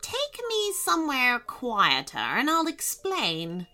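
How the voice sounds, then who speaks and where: A woman voicing a gentle, earnest little male lizard in a children's storybook reading, speaking softly. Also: sits high, wildly swooping pitch, slow pace, faint music behind, heavily acted.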